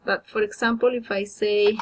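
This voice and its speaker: A woman's voice: medium pitch, little pitch movement, moderate pace, noisy background. Woman teaching grammar with many fillers. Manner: explanatory, many fillers and restarts. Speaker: Spanish teacher. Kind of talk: recorded grammar lesson.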